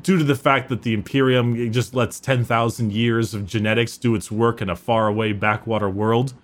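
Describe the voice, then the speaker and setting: A man's voice: mid-range voice, fairly even intonation, moderate pace. A man with a sore throat chatting casually and quizzing his co-host. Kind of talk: casual chat.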